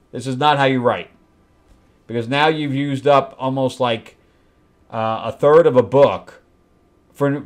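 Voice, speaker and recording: A man hosting a comic book review show, talking bluntly and with open frustration, and mocking the characters in put-on voices as he flips through the pages. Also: mid-range voice. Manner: blunt, exasperated critique with mocking acted-out quotes. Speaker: host.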